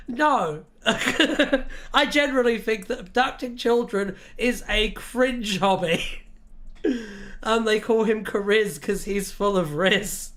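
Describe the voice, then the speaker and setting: Bright-voiced, giggly man. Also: high voice, takes it slowly. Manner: animated, laughs often, rambling rants. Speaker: livestream host. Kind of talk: casual livestream chat.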